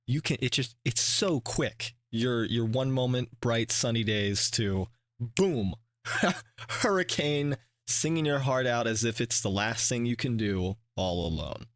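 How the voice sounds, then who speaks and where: A man hosting a reaction video, talking in a casual, rambling way with many restarts and fillers, and swearing when he gets animated. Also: mid-range voice, a little slow, no room sound, studio quality. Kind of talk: casual reflective commentary.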